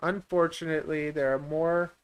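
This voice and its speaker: Guy rambling on a live q&a stream, clear smooth voice, kinda high. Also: fairly even intonation, normal speed. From Canada. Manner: chatty, rambling, laughs easily. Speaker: reptile breeder and stream host.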